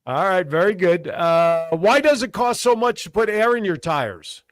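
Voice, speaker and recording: Jokey high-voiced male radio host. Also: expressive, unhurried, fairly bright tone, no room sound, faint music behind. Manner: jokey, repeats each punchline setup. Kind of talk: casual radio chat, telling dad jokes.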